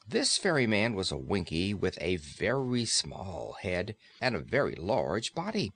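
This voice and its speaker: A man narrating a classic fairy-tale audiobook in a steady, expressive storytelling way. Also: deep voice, measured pace, slightly rough.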